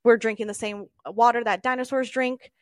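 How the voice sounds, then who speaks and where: A woman's voice: fairly high pitch, steady tone, normal speed, no echo. A woman co-hosting a podcast, arguing her point in a casual debate and explaining at length, tripping over words now and then. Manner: argumentative, explains at length with stumbles. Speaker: podcast co-host.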